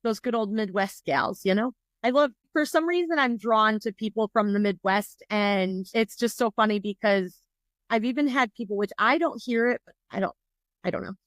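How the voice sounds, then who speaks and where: A woman hosting a podcast interview, bubbly and talkative with quick asides. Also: a little high, a bit bright, no room sound, clean studio sound. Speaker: podcast host.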